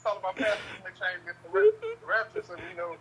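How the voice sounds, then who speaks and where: Young male podcast host, bright high-pitched voice, animated raunchy storyteller. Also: fast, creaky, breathy edge, rough recording. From Louisiana. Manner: animated storyteller, acts out quotes loudly, swears, laughs. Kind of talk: casual storytelling chat.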